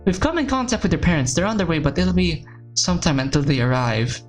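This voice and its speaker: A woman voicing a grown male doctor who speaks in a brisk, matter-of-fact way. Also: on the low side, lively intonation, soft background music, natural voice. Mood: curt.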